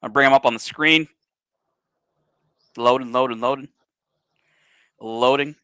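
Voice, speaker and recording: A man's voice: mid-range voice, fairly even intonation, unhurried, bright, forceful tone, clean tone, no echo. A man hosting a casual livestream chat, rambling with many fillers. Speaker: livestream host.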